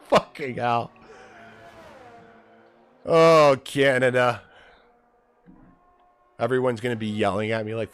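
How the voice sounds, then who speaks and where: A man's voice: mid-range voice, fairly even intonation, slow, long pauses, clean tone. A man commentating a sim racing league and interviewing drivers, casual, laughing and swearing freely, at a home streaming setup.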